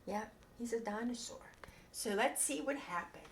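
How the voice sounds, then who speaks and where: An older woman who hosts a children's bedtime story show, chatting in an animated, sing-song way with puppets. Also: on the high side, normal speed, noisy background. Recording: echoey room.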